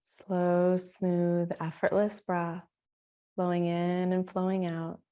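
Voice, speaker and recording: A woman leads a guided meditation with a calm, soothing delivery. Her voice sits fairly low and she takes her time, leaving words room to settle. The tone stays gently inviting throughout. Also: slow pace, smooth. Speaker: meditation teacher. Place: Australia.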